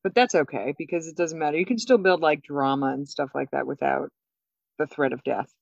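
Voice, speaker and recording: A woman co-hosting a podcast, recapping a TV episode in casual chat, animated and laughing often. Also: low-pitched, a little fast, vocal fry, no room sound. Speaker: podcast co-host. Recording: dull, dry sound.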